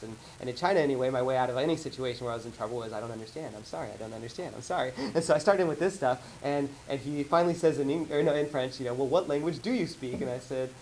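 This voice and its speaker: A man giving a casual slideshow talk to colleagues, rambling and animated as he tells stories. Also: mid-range voice, slight background noise, poor audio. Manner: rambling, animated storytelling with acted-out quotes. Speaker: presenter. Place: office meeting room.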